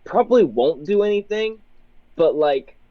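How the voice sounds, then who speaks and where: A man playing a tabletop game, chatting casually and thinking aloud in halting restarts. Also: on the high side, animated, no room sound, lo-fi sound. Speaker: player.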